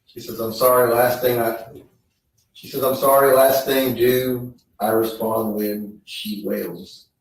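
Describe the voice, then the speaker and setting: A man on the witness stand reading text messages aloud in a slow, measured way. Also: mid-range voice, little pitch movement, a little hiss or hum. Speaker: trial witness. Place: courtroom. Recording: echoey courtroom feed, distant mic.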